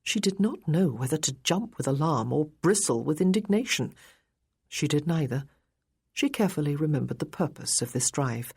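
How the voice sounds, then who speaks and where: A woman narrating a period romance novel in a measured, even storytelling manner. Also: sits low, breathy edge. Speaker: audiobook narrator.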